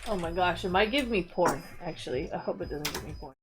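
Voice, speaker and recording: A woman's voice: fairly low pitch, animated, fairly quick, noisy background. A young woman streamer chatting casually, ranting with frequent swearing and lots of filler words. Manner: profane, exasperated ranting with repeated fillers. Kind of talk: casual chat while browsing online.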